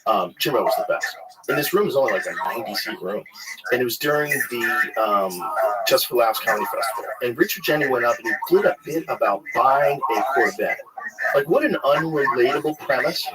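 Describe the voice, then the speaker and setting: A man's voice: fairly high pitch, moderate pace, over a noisy crowd, rough recording. A man, a stand-up comedian and host, telling stories in a loose, casual chat, full of fillers and the odd swear. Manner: rambling, filler-heavy, swears freely.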